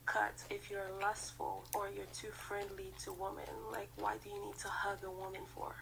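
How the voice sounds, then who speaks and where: A woman in a played video clip, listing dating dealbreakers in a gravelly whisper. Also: medium pitch, monotone, normal speed, background noise.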